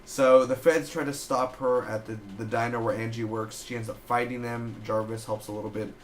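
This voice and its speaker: A man's voice: mid-range voice, flat delivery, reverberant, slight background noise. Chatty man reviewing a TV episode. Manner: loose and chatty, retells scenes with quick quoted asides. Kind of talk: casual solo review.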